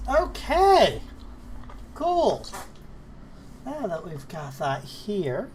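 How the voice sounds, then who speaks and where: A woman's voice: medium pitch, wildly swooping pitch, darkish tone, slight background noise. A woman streaming casually as she works, talking herself through steps and chatting to her cat. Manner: slow, self-talking, talks fondly and exasperatedly to her cat. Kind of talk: casual live-stream chat while 3D modeling.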